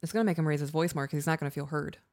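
A woman's voice: deep voice, rapid-fire, darkish tone. A woman co-hosting an advice podcast, talking directly and reading listener letters aloud. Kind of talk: casual advice chat.

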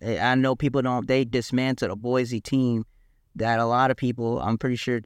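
A man talking football picks in a relaxed podcast chat at a middling pitch. He leans into his points, hammering the same word again and again, and the dry close sound leaves no room echo at all. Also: normal speed, smooth. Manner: emphatic, repeats key words, restarts often. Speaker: podcast co-host. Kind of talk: casual sports chat.

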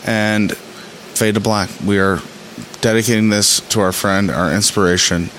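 A man hosting his podcast, talking casually and excitedly about an episode, rambling with frequent laughs while saying he is tired. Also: lowish voice, a little slow, slight background noise, poor audio. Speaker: podcast host. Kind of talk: casual episode reaction commentary.

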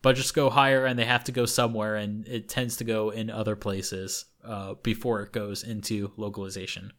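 Hosting a laid-back podcast, this man from an English-speaking country rambles, packing his talk with fillers and restarts. He speaks at a moderate pace in a lowish, fairly bright voice with little pitch movement.

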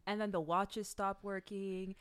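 A woman's voice: medium pitch, level tone, a little slow, clear, resonant tone, no echo. A woman co-hosting a casual podcast chat in an easygoing, slangy way. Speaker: podcast co-host.

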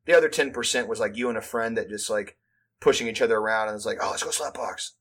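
Husky man telling rowdy school stories. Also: on the low side, quick pace, fairly bright tone. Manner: rambling, profane, lots of "like" fillers, acts out quotes. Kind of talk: casual storytelling chat.

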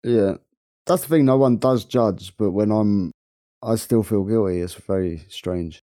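A man's voice: on the low side, unhurried, warm tone, no echo. A man with a London accent co-hosting a podcast, chatting casually and laughing often. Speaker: podcast co-host. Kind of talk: casual chat.

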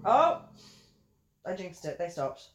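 A woman co-hosting a podcast, chatting casually and swearing freely while reacting out loud to a movie. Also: lowish voice, big pitch swings, takes it slowly, echoey room, slight background noise. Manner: giggly, profane, reacts aloud. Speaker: podcast co-host. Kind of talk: casual movie-watching chat.

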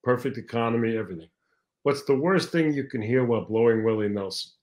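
A man's voice: mid-range voice, fast, darkish tone. A man hosting a podcast, chatting casually and poking fun at himself while he breaks down jokes. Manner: self-deprecating, chatty, dissects jokes. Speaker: podcast host. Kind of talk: casual chat.

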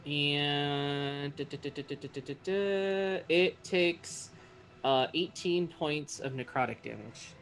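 A man's voice: fairly high pitch, slow pace, fairly bright tone. A man playing in a tabletop game, explaining his spell and damage rolls. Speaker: player. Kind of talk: casual tabletop play.

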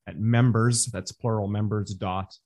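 A Canadian podcast host opens his show and interviews a guest, motivating his listeners and calling them brothers. His voice is fairly low, with fairly even intonation and a slightly slow pace.

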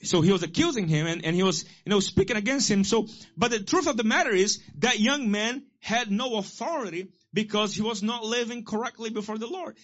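High-voiced exhorting male pastor. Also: brisk, hardly any pauses, a bit bright, muffled recording. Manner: exhorting, repeats key lines and has the congregation echo them. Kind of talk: sermon.

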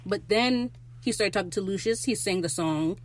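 A host recapping a TV episode in casual, excitable talk, with profanity and rambling asides. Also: medium pitch, moderate pace.

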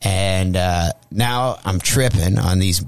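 A man's voice: sits low, takes it slowly, no echo, clean studio sound. A male comedian telling a profane comic story as a guest, acting out the voices he quotes. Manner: animated, acts out quoted voices. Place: radio studio.

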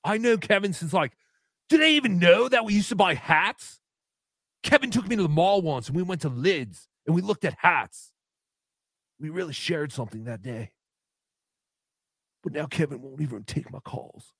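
A man voicing a needy, lonely adult man who pines for an old friend, speaking softly and pleading. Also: on the high side, animated, moderate pace, long pauses, dry recording, studio quality. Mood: mopey pleading. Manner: soft, mopey, pleading.

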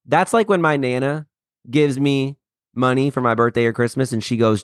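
A man from Mississippi, raised in Iowa and without a Southern accent, co-hosting a podcast in lively, emphatic, salty banter. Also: mid-range voice, moderate pace, dry recording, clean studio sound. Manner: animated, emphatic, profane banter. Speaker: podcast co-host. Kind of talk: casual chat.

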